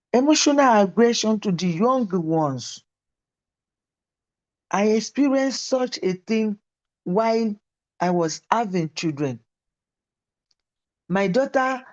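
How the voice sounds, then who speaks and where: A woman's voice: mid-range voice, a little mellow. Woman lecturer, dull lo-fi sound. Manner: teaching through personal anecdotes. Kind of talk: university lecture.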